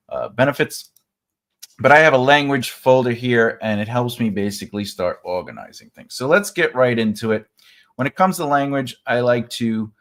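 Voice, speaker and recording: A man's voice: fairly low pitch, fairly bright tone. Casual rambling man teaching writing. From United States. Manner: casual, rambling, many fillers and restarts. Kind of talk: live screen-share writing lesson.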